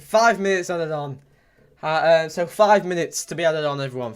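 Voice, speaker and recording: A crowd can be heard behind this young man, who commentates a football match live for his stream in a fairly high voice at normal speed. He reads chat messages, repeats himself, and lets out excited shouts at major moments.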